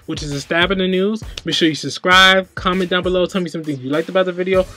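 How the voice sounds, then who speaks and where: A man's voice: high voice, fairly even intonation, fast talker, sharp tone, faint music behind. A young man hosting his own vlog, ranting casually to camera, agitated and rambling, often repeating himself. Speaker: vlogger host.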